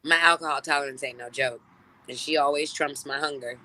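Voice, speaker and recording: A woman in her thirties, a guest telling stories in a casual, profane way and acting out quoted lines in loud, high voices. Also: fairly even intonation, a little fast. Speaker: celebrity guest. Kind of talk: casual storytelling chat.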